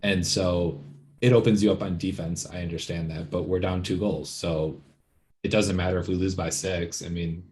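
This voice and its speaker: A very low male voice in casual football chat. He pauses and thinks aloud, working through his ideas with fillers. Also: fairly even intonation, darkish tone. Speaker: podcast co-host.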